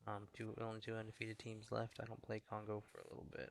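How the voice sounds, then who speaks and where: A young man streaming a fantasy football update in casual chat, talking low and half-whispered in a hallway indoors. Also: completely flat delivery, fast talker, creaky. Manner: low, half-whispered talk, chatting with viewers.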